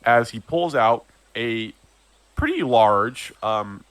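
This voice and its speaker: A man's voice: medium pitch, animated, slow, a bit bright, clean tone, no room sound, poor audio. A man narrating as game master in a casual tabletop game, with many fillers.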